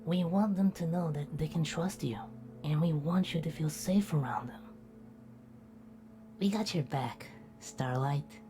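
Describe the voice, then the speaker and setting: A woman voicing a sleepy, doting young female companion who speaks softly and affectionately in an animation. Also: low-pitched, measured pace, soft background music. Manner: soft-spoken, drowsy and affectionate.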